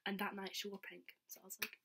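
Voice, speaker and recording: A woman's voice: medium pitch, level tone, fast talker, creaky, noisy background. Young woman vlogger, chatty and giggly, casual storytelling. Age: young adult. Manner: chatty, giggly, says "like" a lot.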